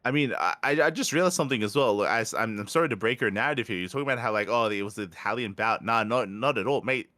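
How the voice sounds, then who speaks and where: A man co-hosting a casual esports podcast, recapping results in a relaxed, hedging way and often affirming his co-host. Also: mid-range voice, fast, hardly any pauses, no room sound.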